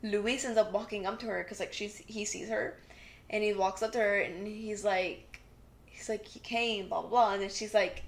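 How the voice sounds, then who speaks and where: A young woman's medium-pitched voice moves at a moderate pace as she co-hosts a casual podcast. Retelling a TV episode with animation, she performs the characters' lines and uses "like" as a frequent filler.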